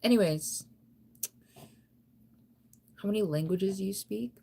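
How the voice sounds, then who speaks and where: In an unhurried, mid-range voice with vocal fry and a breathy edge, a young woman chats on a late-night livestream. She's relaxed and drowsy, yawns, and rambles with heavy use of "like."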